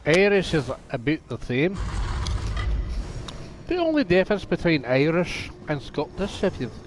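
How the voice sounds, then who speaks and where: A man's voice: fairly high pitch, very animated, unhurried, slight background noise. A man streaming a video game, chatting casually and profanely with his viewers in a joking way. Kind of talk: casual live-stream chat.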